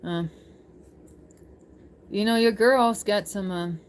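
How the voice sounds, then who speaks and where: Brief: woman streamer, mid pitch, chatty and easygoing, slight background hiss. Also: slow. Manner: chatty, laughs often, reads chat aloud. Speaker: livestreamer chatting with viewers. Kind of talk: casual live-stream chat.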